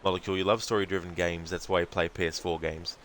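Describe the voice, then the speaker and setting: A man with an Australian accent, streaming a game and chatting casually with viewers, relaxed and full of fillers. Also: sits low, fast talker. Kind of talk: casual gaming commentary.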